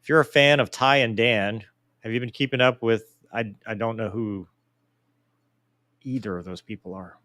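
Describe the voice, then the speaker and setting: A man in his forties hosts a casual live Q&A, reading viewer mail and cracking self-deprecating jokes in an animated way. His voice is lowish and moderately paced, and the recording is dry.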